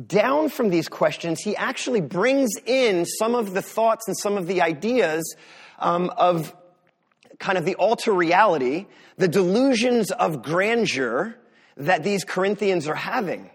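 A man from the US Northeast, serving as pastor, preaches a sermon in a high, husky voice. His delivery is conversational, sprinkled with sarcastic asides.

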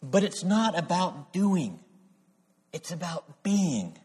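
An impassioned woman of ninety-three, as a preacher quotes her, pleading earnestly. The voice is slightly husky and a little high, and it rings through a long hall reverb. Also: sing-song, slow pace, darkish tone, heavily acted. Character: passionate ninety-three-year-old churchgoing woman.

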